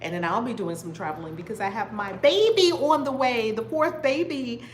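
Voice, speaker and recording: A woman's voice: on the high side, animated, normal speed, echoey room, slight background noise. A middle-aged woman hosting a spiritual livestream, exuberantly greeting viewers with repeated catchphrases. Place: room, livestreaming.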